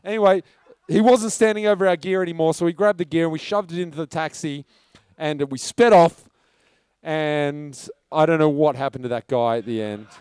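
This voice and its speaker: A man's voice: fairly high pitch, normal speed, darkish tone, smooth, no echo. A man, a film director telling a loose, chatty anecdote at a live talk in a pub. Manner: casual storytelling, loose and chatty. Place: pub function room.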